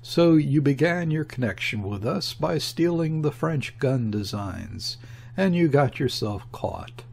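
A condescending, cynical embassy official, voiced by a male reader, speaks with grim mockery and a cutting edge. His delivery is slow and unhurried, and the voice carries a husky grain. It is an audiobook character read from a novel. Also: on the high side, animated, heavily acted. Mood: scornful. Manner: sharp, grim, sneering. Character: mocking condescending male embassy first secretary.

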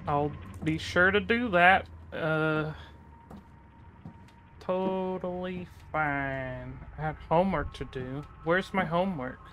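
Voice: mid-range voice, slow, fairly bright tone, slight background noise. A gaming channel host talking through a horror game playthrough, chattering nervously and breaking into panicked yelps.

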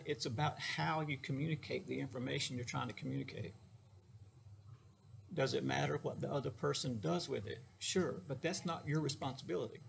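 A middle-aged man with a fairly high, heavily gravelly voice gives a casual lecture as a therapist. He talks in a folksy, joking way, speaking straight to his listeners. A faint hiss of noise sits under the recording.

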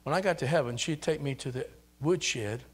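An older man preaching a sermon in a church, building up to loud, repeated exhortations. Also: medium pitch, moderate pace, noisy background. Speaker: pastor. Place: church sanctuary.

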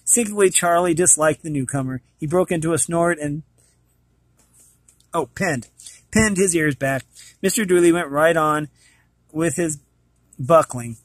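A man reading a storybook aloud at a steady pace. His voice is a little higher than most men's and sounds close and dry. He often trips over words and goes back to fix them. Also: a little slow, pauses often, dry recording. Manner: stumbling, often correcting himself mid-sentence. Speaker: storybook reader.

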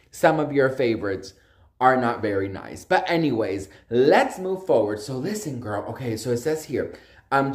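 A sassy man doing casual gossip commentary, with a pitch that leaps all over the place as he talks. His delivery is animated and full of swearing. The sound is roomy, with clear echo.

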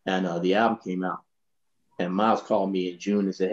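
Man, 60s, bassist raconteur, low voice, relaxed storyteller, muffled recording. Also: brisk. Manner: relaxed, laughing, lots of "you know". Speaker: bass player telling stories. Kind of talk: anecdotal storytelling in a panel.

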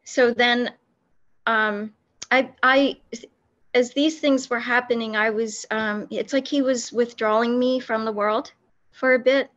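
Earnest woman telling her story, halting. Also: on the high side, fairly even intonation, a bit bright, dull audio. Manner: halting, many restarts and pauses, earnest. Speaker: guest telling her faith testimony. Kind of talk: personal testimony in an interview.

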